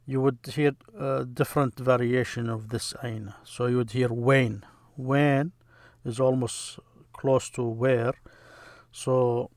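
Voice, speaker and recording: A man teaching vocabulary as a language lesson, slow and halting, with many fillers, repeating words for practice. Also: mid-range voice, no room sound, studio quality.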